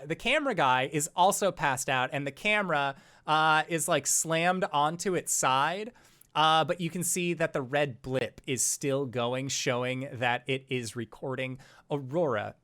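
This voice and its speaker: A man's voice: fairly high pitch, a bit bright, smooth. A man narrating as game master of a tabletop role-playing game, loose and full of fillers.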